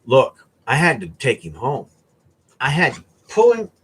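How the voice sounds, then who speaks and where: A man from the US East Coast, hosting a casual home vlog and telling a story in an animated way, often ending sentences with "right?" or "okay?". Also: mid-range voice, a little slow, husky. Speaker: vlogger host.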